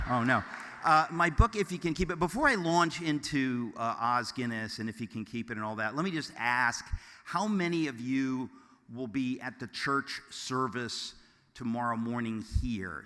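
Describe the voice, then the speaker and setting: Bright-voiced man joking to a hall. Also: medium pitch. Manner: deadpan mock-offensive jokes, then earnest and rambling. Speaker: keynote speaker. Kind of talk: joking, loose speech to a live audience. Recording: long hall reverb.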